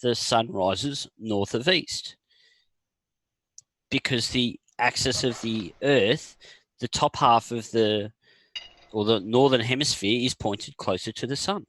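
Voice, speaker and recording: A man's voice: medium pitch, slow pace, fairly bright tone, no echo, poor audio. A man co-hosting a casual online chat over a video call, explaining things at length with frequent hesitations.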